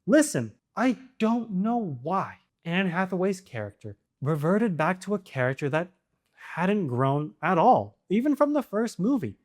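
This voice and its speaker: A man hosting his own channel, giving casual opinion commentary to camera, animated and firing off exasperated rhetorical questions. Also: high voice, moderate pace. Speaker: video essay host.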